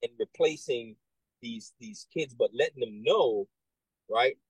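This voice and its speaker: A man working as a military recruiter, talking casually and telling animated stories with many restarts and asides. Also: mid-range voice, takes it slowly, husky, no echo, rough recording. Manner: animated storyteller, acts out quoted voices, many restarts and "right?". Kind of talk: casual conversation.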